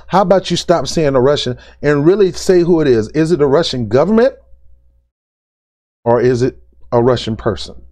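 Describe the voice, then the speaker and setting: A man's voice: mid-range voice, lively intonation, unhurried, a little mellow. A man ranting as a political commentary vlogger, blunt and exasperated, repeating his points in casual, informal speech. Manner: informal speech with "ain't" and "dude". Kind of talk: opinion rant to camera.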